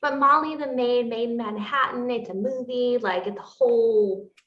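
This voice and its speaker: A woman's voice: fairly high pitch, normal speed. A woman co-hosts a book review podcast, speaking in an easygoing, agreeable way. Her voice carries a roomy echo. The sound is dull and lo-fi. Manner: easygoing, agreeable, laughs often. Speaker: podcast co-host. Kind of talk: casual book review chat.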